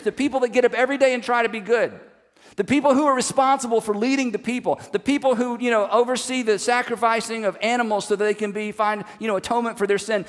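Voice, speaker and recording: A man preaching a sermon as a pastor, telling the story in an animated way with emphatic repetition. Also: very high voice, fast, long reverb tail.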